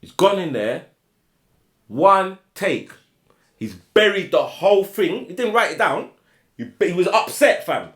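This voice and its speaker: A man telling a casual anecdote, full of slang, acting out the people he quotes in loud shouted bursts. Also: high voice, measured pace, long pauses. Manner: animated, acts out shouted quotes, slang-heavy. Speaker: guest storyteller. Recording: echoey room.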